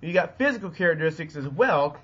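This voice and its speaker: A man's voice: on the high side, lively intonation, fast, fairly bright tone, husky, highs cut off. A man with a Southern US accent giving a recorded geography lesson, rambling with lots of ums and restarts. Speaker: teacher. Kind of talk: recorded classroom lecture. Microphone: webcam.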